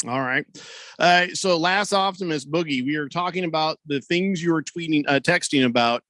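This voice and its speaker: Joking, breathless sports radio host. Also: male voice, fairly high pitch, moderate pace, pushed and bright, no room sound. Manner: joking, rambling, frequent restarts. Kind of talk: casual sports radio talk. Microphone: studio microphone.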